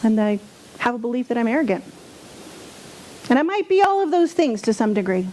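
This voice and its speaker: A woman's voice: on the high side, big pitch swings, fairly quick, mellow, a little hiss or hum. A woman giving a sermon as a spiritual speaker, candid and self-deprecating, sometimes mocking her own angry outbursts.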